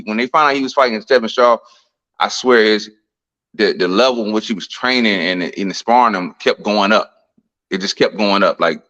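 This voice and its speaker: Low-voiced boxer, laid-back and reflective. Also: male voice, sharp tone. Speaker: heavyweight boxer, guest. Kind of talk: casual interview talk. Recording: dull lo-fi audio.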